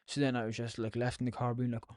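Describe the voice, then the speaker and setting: A man's voice: mid-range voice, level tone, quick pace, a little mellow, dry recording, studio quality. An Irish man hosting a podcast, telling stories in a casual, rambling, sweary way. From Ireland. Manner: sweary, chatty storytelling. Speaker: podcast host.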